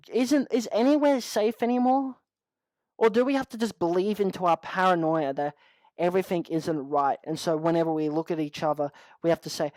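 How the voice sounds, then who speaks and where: A young Australian man with a high voice rants in an upset vlog monologue on his channel, swearing constantly and starting his sentences over. The audio is poor, with no room sound.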